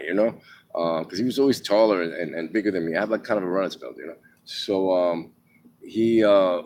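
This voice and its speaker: A man's voice: sits low, slight background noise. A man from New York telling his own life story in a loose, rambling way, full of fillers and casual swearing. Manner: rambling, many ums and restarts, swears freely. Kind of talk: casual spoken memoir.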